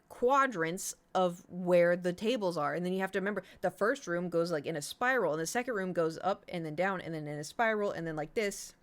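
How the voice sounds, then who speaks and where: A young adult woman chats casually on a home stream, her voice sitting a little low. She rambles from one thought to the next and swears freely as she tells her stories. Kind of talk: casual chat. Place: home room.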